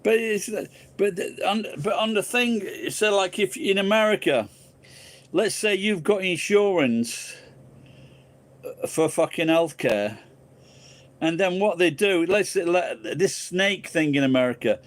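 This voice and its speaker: A man's voice: high-pitched, lively intonation, measured pace. A man hosting a casual live stream, ranting profanely and rambling into crude jokes.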